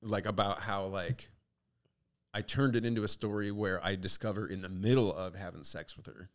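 Low-voiced man telling crude stories. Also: moderate pace. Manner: laughing, animated storytelling with crude jokes. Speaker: stand-up comedian. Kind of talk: casual podcast chat.

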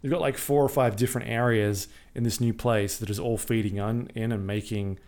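A man co-hosting a gaming podcast, explaining things in a relaxed, rambling way with many fillers. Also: lowish voice, brisk. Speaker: podcast co-host. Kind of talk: casual chat.

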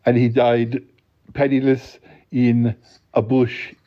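A man hosting a podcast who tells a comic bedtime story in a deadpan, rambling way, full of halting restarts. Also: mid-range voice. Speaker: podcast host. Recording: dull lo-fi recording.

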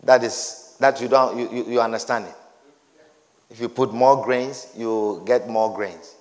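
A man preaching a sermon in an emphatic, repetitive style that builds to shouts. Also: medium pitch, fairly even intonation, unhurried. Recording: reverberant hall.

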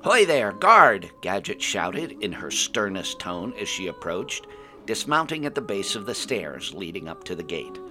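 Deep-voiced male fantasy storyteller. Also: sing-song, normal speed, music in the background. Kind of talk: first-person fantasy story narration.

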